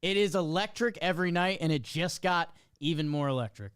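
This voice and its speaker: A man's voice: fairly high pitch, a little fast, a bit bright, clear, resonant tone, dry recording, clean studio sound. A man hosting a live sports talk show, riffing energetically and playfully on breaking news. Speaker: host.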